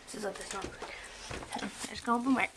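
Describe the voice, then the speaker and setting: A woman's voice: mid-range voice, steady tone, quick pace, gravelly. A young woman chatting casually to her camera while out in the snow after a storm, now and then cooing at her pets. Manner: chatty, talks baby talk to pets. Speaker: vlogger. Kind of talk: casual handheld vlog. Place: outdoors in snow. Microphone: handheld camera. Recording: noisy outdoor camera audio.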